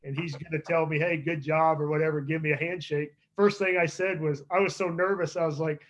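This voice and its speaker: A middle-aged man, a former pitcher, telling rambling stories in a casual interview, chuckling often and restarting his sentences. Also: fairly even intonation, fairly quick.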